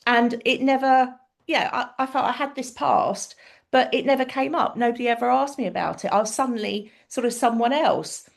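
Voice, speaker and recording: A woman's voice: fairly high pitch, moderate pace, creaky. A middle-aged woman, a guest on a podcast, chatting with many fillers and hesitations. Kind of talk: casual chat.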